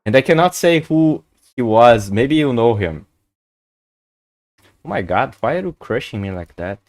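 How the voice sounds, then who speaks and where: An excitable man talks through his chess stream, his pitch leaping up and down as he tells stories. He swears and laughs freely in loose, chatty English. The sound is close and dry, with almost no room around it. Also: a little slow, no echo. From Brazil. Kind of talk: casual live-stream chat.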